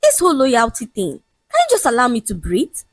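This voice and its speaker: A woman's voice: fairly high pitch, huge pitch swings, a little fast, no echo, clean studio sound, pitched above the performer's own voice. A woman voicing a smug, dismissive young man who mocks his fiancée in a folk-tale storybook reading. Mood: mocking. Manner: mocking, lecturing, casually shameless.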